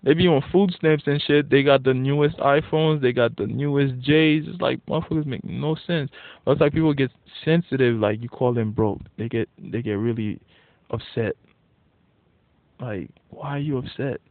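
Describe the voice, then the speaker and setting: A man in a casual, profane ranting monologue, blunt and getting animated when worked up. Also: medium pitch, normal speed, no room sound. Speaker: vlogger. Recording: tinny phone-like dry audio.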